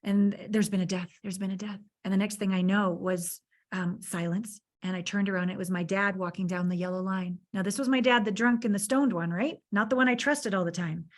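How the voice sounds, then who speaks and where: An earnest woman speaks as a podcast guest. Her voice sits in an ordinary middle pitch, and she tells personal stories warmly and openly, leaning on emphatic repetition to drive her points home. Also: a little fast. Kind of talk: conversational interview storytelling.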